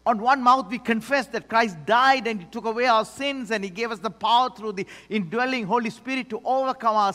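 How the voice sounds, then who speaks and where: A man preaching a sermon as pastor, swinging between loud declarations and hushed asides. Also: very high voice. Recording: long hall reverb.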